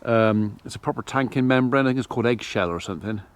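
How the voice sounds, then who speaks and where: A middle-aged man, talking casually to camera while he does his farm chores outdoors. He rambles in a relaxed, chatty way and breaks off now and then to talk to his animals. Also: mid-range voice, fast, clear, resonant tone. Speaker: farmer vlogger. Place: farmyard outdoors.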